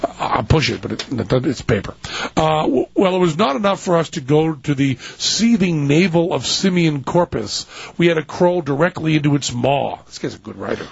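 Man, radio host, husky, slightly high voice, joking, rambling, muffled radio sound. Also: lively intonation, moderate pace, no room sound. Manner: rambling, joking, many fillers. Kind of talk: casual radio banter and reading aloud. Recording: dull lo-fi radio audio.

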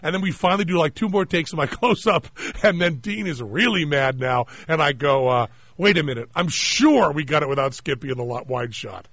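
A man's voice: fairly high pitch, a little fast, few pauses, no echo. A man hosting a radio show, telling a long funny anecdote in casual chat and acting out the lines of the people in it. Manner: animated anecdote-teller, mimics voices in retold dialogue. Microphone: studio microphone. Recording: dry, slightly dull radio studio sound.

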